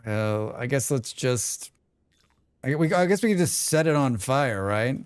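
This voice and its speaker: A man's voice: mid-range voice, lively intonation, unhurried, clean tone, no room sound. A man streaming a game live, chatting casually with viewers and talking to himself as he plays, rambling and swearing freely. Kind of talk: casual live-stream chat while playing.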